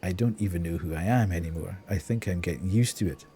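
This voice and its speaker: A man's voice: sits low, fast, mellow, breathy edge. A man with a mild Scottish accent giving chatty, wry live commentary on a game he is streaming, often breaking into laughter.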